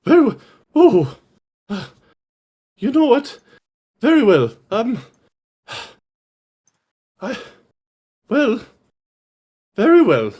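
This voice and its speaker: Brief: man doing a haughty wizard, high and animated, fed up with everyone. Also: drawn-out words, long pauses, breathy edge, full character voice. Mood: exasperated. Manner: pompous, exasperated.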